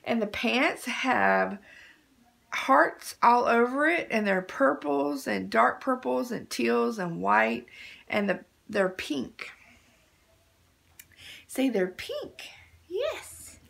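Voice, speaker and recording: A woman's voice: a little high, slow pace, gravelly, pauses often, a bit bright. A young woman talking baby talk to a doll, doting and sing-song, repeating words over and over. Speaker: vlogger playing with a baby doll.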